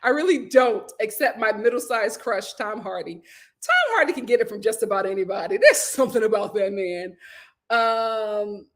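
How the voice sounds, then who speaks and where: A woman's voice: on the high side, animated, moderate pace. A woman hosting a casual livestream, reading viewer comments aloud and laughing often as she answers them. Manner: laughs often, talks back to chat. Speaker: host reading live chat.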